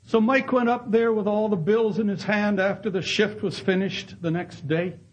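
Earnest male preacher, high husky voice, storytelling sermon. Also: steady tone, moderate pace, low-quality recording. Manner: earnest, acts out voices in quoted dialogue. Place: Canada.

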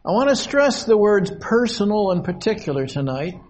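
An older man preaching a sermon from a podium in a meeting hall, slow and measured with long pauses. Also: high-pitched, very animated, darkish tone.

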